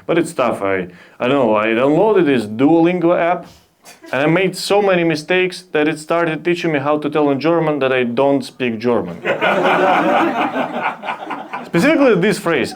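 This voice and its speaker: A young man from Belarus with a Belarusian accent, doing a halting, deadpan stand-up set at a comedy club. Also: on the high side, a crowd in the background. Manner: deadpan, halting, with restarts and self-deprecating asides. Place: comedy club stage with a laughing audience. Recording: live club audience laughter.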